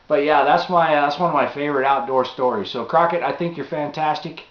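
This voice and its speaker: A man telling a spooky hunting story in a casual spoken way, acting out the lines and dropping to a hush at times. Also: on the high side, brisk. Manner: animated, acts out quotes, drops to a hush. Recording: echoey dull home video.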